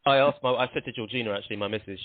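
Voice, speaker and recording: A man's voice: medium pitch, racing, no echo. Man rambling through stories, phone-like line. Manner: rambling anecdotes, frequent restarts. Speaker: guest. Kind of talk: casual interview chat. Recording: dry, tinny phone-like line.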